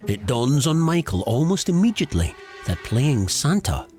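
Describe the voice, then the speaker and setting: A man's voice: medium pitch, very animated, normal speed. A man narrating a documentary in a scripted voice-over with dry, wry storytelling. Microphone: studio voice-over. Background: music.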